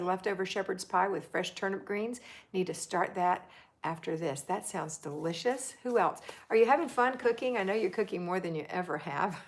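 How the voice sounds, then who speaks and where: A middle-aged woman hosting a live homemaking chat, reading viewer comments aloud and cheering them on. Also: mid-range voice. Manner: chatty and encouraging, reads comments aloud.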